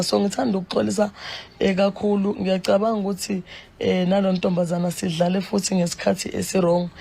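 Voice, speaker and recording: A woman's voice: lowish voice, gravelly. A young woman from Zimbabwe, talking in a social media clip and switching between languages. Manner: loud taunting mixed with other languages, playful laughter. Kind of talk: taunting social media clip, later a spoken apology.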